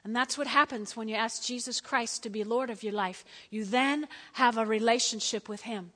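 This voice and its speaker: A woman pastor preaching a conversational sermon, swinging between loud emphasis and hushed, quiet moments. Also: a little high, normal speed, in a large hall.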